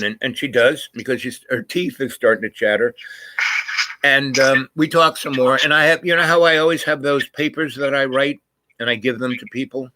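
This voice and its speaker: An older man spins a rambling personal story in relaxed conversation, his bright, forceful voice pushing through constant restarts and trailing phrases. He wanders off mid-thought and circles back without hurry. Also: mid-range voice, normal speed, poor audio. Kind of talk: casual rambling anecdote.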